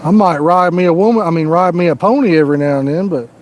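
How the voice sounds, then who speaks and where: A middle-aged man with a Southern US accent hosts a fishing livestream outside by the water, chatting casually and folksily while cracking corny one-liners. His voice runs high and fast, with slight background noise.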